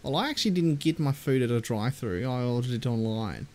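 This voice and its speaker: A man's voice: mid-range voice, animated, fast talker, darkish tone. A young man from England chatting casually while streaming a game, laughing often and reading viewer messages aloud. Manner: giggly, rambling, reads viewer messages aloud. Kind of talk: casual gaming chat.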